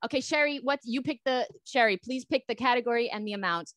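Excitable woman hosting a casual quiz chat. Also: fairly high pitch, fast talker, dry recording, studio quality. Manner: excitable, loud exclamations. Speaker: show host.

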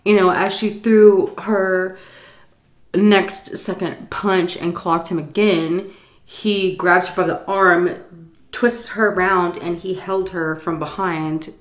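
Young woman with a lowish voice telling a rowdy family story, loud quotes. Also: slow. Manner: animated, swearing, acts out quotes loudly. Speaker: storytime vlogger. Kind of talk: casual storytelling.

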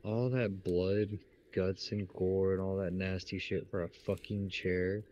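A young man teasing his friend mid-game, laid-back and foul-mouthed. His voice sits on the low side. It comes through muffled voice chat with a faint hiss underneath. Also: level tone, unhurried, a little mellow. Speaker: gamer. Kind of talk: casual let's play banter.

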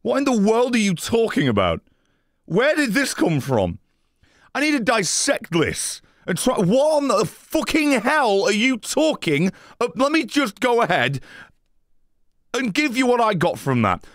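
A British man hosting a live gameplay stream, ranting at chat with swearing and sudden shouted outbursts. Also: extremely high pitch, very animated, a little slow, dry recording, clean studio sound. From Britain. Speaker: streamer host.

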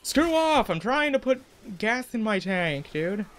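Young guy doing let's play commentary, voice keeps cracking, kinda high, jokey trash talk. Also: a little slow. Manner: jokey, excitable, trash-talking the game. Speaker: gaming YouTuber.

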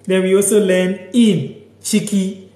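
A man with a Ghanaian accent teaches a language on a live stream, in a high voice and at an unhurried pace. He repeats each word slowly and answers viewers' comments as they come in. The sound is echoey, as if the room is bare. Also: level tone, dark tone.

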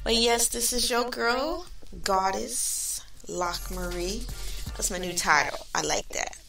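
A woman's voice: medium pitch, slow pace, creaky, sharp tone, reverberant. A woman hosting her own podcast as a life coach, chatting casually, laughing often and using slang. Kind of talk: casual chat. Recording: distant mic with faint music.

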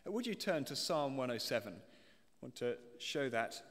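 A man's voice: medium pitch, big pitch swings, normal speed, a bit bright. A British man preaching a sermon, explaining a passage and reading scripture aloud to the congregation. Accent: British English. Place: church. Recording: long church reverb.

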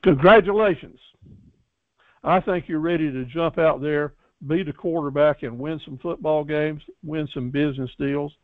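A man with a somewhat high voice coaches his class in a folksy, encouraging way, often restarting and repeating himself. The sound is thin and tinny, like a phone line, and dry, with no room echo. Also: moderate pace. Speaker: business course instructor. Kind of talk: graduation lecture to a class.

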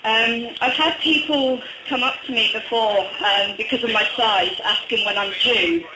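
A stand-up comic with a slight northern English accent and a strikingly high voice, delivering deadpan one-liners between hesitant ums. The recording is a phone capture from the crowd, roomy and echoey, with clear bar noise behind him. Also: male voice, unhurried. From Durham, England. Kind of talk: stand-up comedy set. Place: small bar venue, indoors. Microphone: phone recording from the audience.

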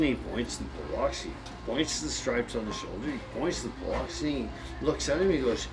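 Folksy male storyteller with lively pitch. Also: fairly quick, hardly any pauses, poor audio. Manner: rambling, colloquial, with restarts. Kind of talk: folksy joke telling. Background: banjo music.

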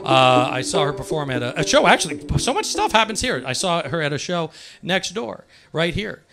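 A man hosting a live show, introducing the next guest with halting restarts. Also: fairly high pitch, very animated, gravelly, music in the background. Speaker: host. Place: club stage.

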